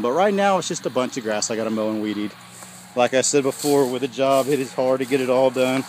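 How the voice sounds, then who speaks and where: A man's voice: mid-range voice, slight background noise. A man gives a rambling, casual walking tour of his homestead, chatting to viewers as he films outdoors on his phone. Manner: rambling, folksy, talks to viewers as y'all. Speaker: homesteader showing his farm. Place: outdoors on a farm in hot weather. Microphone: phone camera held while walking. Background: sheep and goats bleating.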